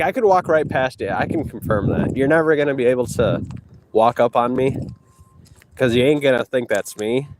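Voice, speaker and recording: A man's voice: mid-range voice, a little hiss or hum. A man vlogging outdoors while walking, taunting and boasting at a rival through a handheld phone. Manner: taunting, boastful, talks to a rival between breaths. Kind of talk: trash-talking walk vlog. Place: outdoors on a walk.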